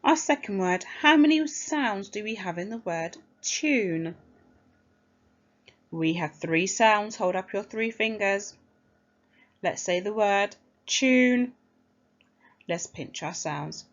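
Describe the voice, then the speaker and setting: A woman teacher giving a phonics lesson to young children, speaking clearly and encouragingly and sounding out each word. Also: medium pitch, animated, slow pace, pauses often, muffled recording.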